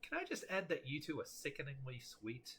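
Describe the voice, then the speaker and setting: A man's voice: mid-range voice, wildly swooping pitch, brisk, slight background noise, heavily acted. A man voicing a chatty, caring young woman who likes to tease her friend. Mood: teasing. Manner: teasing and warm.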